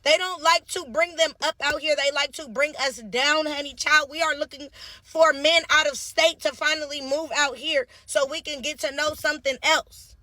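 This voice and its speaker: A woman's voice: high voice, steady tone, normal speed, bright, forceful tone, dry recording. A woman with a Los Angeles accent giving a brash, profane rant about dating. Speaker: tiktok creator.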